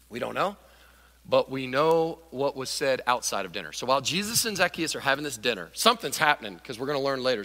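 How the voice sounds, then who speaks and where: A man preaching a sermon as pastor, animated, acting out the voices of Bible characters and a grumbling crowd. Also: medium pitch, long reverb tail.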